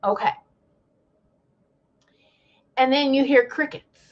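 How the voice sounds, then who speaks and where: A woman travel advisor giving a casual monologue, telling the story with animation, acting out quotes and using dramatic pauses. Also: on the high side, animated, dull audio.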